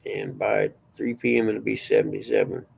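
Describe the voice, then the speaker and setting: A man's voice: on the low side, steady tone, normal speed, creaky, a little mellow, husky, poor audio. A man hosting a casual livestream, chatting folksily with viewers and reading news aloud. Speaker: livestream host.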